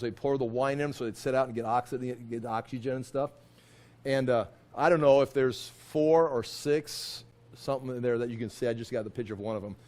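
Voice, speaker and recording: Chatty man teaching a Bible class. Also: mid-range voice. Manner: conversational, digressive, animated retelling with restarts. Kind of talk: casual classroom Bible lesson.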